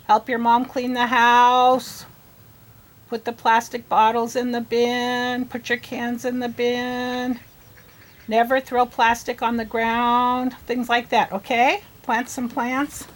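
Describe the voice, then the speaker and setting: A woman reading teacher leads an early reading lesson for young children. Her voice sits high and she speaks slowly, stretching out each letter sound. She keeps asking the kids encouraging questions. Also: flat delivery, fairly bright tone. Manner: slow, sounding out letters and words.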